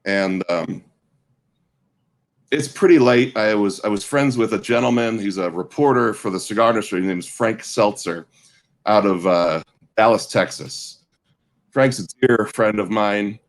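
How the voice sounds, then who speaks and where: Low-voiced man telling a rambling story. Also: unhurried, low-quality recording. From US Midwest. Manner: rambling anecdotal storytelling with frequent restarts. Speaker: guest storyteller. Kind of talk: casual chat.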